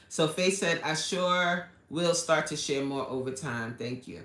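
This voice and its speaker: A bright, forward-sounding woman with an East Coast accent talks like a coach hosting a live stream. She reads viewers' comments aloud, laughs easily and throws in an emphatic "amen." The room gives her voice a noticeable echo. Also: deep voice, slow. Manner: expressive, laughs often, preacher-like "amen". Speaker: life coach. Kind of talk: casual live-stream chat reading comments.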